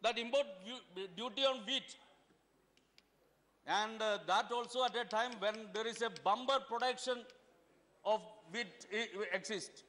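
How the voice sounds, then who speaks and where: Forceful Indian man speaking in a reverberant parliament hall. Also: high voice, unhurried. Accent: Indian English. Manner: forceful, rhetorical questioning with repeated words. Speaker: member of parliament. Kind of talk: parliamentary debate speech. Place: parliament chamber. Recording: long reverb of a large hall.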